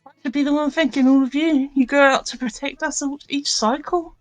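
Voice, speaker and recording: A man's voice: very high voice, fairly even intonation, a little fast, faint music behind, voice pushed up. A man voicing a humble young village woman who talks in a modest, flustered way.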